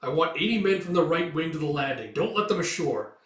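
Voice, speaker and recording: Man doing a barking fort commander, high strained shouts, roomy distant sound. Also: animated, fairly quick. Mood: urgent commanding. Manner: urgent, commanding yells. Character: shouting male fortress commander barking orders.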